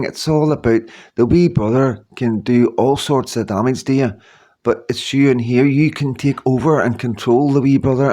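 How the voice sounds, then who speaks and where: A man's voice: medium pitch, a little mellow. A man in his fifties giving a rambling, earnest motivational talk to his viewers, full of repeats and "you know what I mean". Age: 50s. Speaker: YouTuber.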